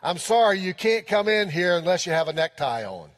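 A prim waiter at the door of a fine restaurant who refuses entry curtly and politely, as a preacher acts him out. His voice is high and carries a long hall echo. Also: big pitch swings, brisk. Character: fancy, stiff male restaurant doorman. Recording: long reverb in a church hall.

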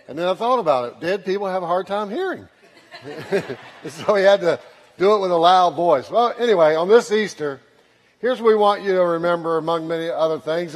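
A man preaching a sermon, starting conversational and lightly joking, then building to fervent repeated calls. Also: sits high. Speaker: pastor. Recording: long hall reverb.

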